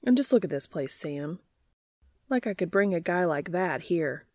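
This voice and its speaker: A woman voicing a gruff, exasperated young man who talks bluntly and swears, in a storybook reading. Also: fairly low pitch, lively intonation, normal speed, darkish tone, no room sound.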